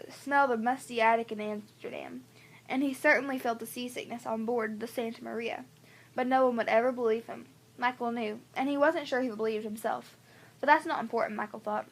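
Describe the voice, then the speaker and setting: Woman reading an audiobook, higher voice. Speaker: audiobook reader. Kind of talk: audiobook narration.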